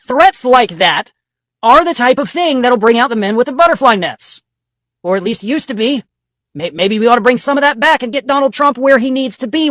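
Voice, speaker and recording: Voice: mid-range voice, dry recording. Commentator, scornful and mocking, swears freely; dry, close recording. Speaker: political commentator. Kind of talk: political commentary monologue.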